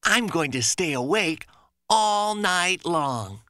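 A woman voicing a stubborn, sleepy little boy creature in a children's cartoon, mumbling slowly through a bedtime story. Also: on the low side, expressive, bright, forceful tone, no room sound, clean studio sound, exaggerated voice. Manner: slow, drawn-out, sleepy mumbling.

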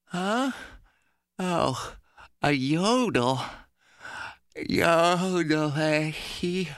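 A woman's voice: on the low side, big pitch swings, fairly bright tone, no echo, studio quality, full character voice. A woman doing a sleepy stubborn little cartoon boy. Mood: drowsy. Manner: slow, drawn-out, sleepy mumbling. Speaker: listener to a bedtime story. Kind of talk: children's cartoon voice acting.

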